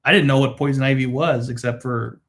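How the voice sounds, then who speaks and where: A man's voice: mid-range voice, fairly even intonation, fairly quick, a bit bright, a little hiss or hum. A man hosting a drinks show, chatting casually and joking through a tasting. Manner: playful, joking, mock-frail grumbling.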